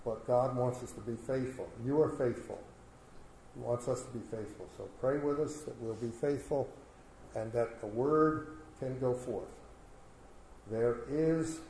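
A man's voice: mid-range voice, warm tone, slight background noise, poor audio. A man speaking in church, telling a story in a plain, folksy way with small fillers. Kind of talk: sermon with storytelling.

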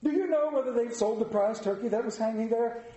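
Guy doing a reformed old miser, high and giddy, shouty then fake-grumpy, echoey church. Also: a little fast. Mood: gleeful. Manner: bursts between gleeful shouts and mock growls.

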